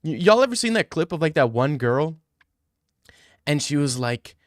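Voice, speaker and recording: A man's voice: fairly high pitch, very animated, normal speed, dry recording, clean studio sound. A young man livestreaming, answering chat in casual, crude, teasing banter. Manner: joking, teasing, profane.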